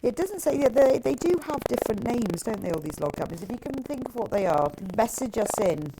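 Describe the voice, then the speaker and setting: A woman's voice: fairly high pitch, lively intonation, a little fast, background noise. A woman from the of England, hosting a live TV sewing demonstration and asking her guest lots of questions. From West Country of England. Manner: chatty, asks lots of questions. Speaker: shopping channel presenter. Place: TV shopping studio.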